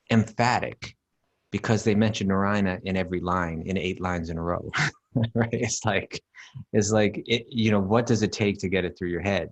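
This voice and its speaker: Deep-voiced man teaching scripture emphatically. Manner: emphatic, repeats words, chants Sanskrit verses. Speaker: podcast co-host teaching scripture. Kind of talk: casual teaching talk.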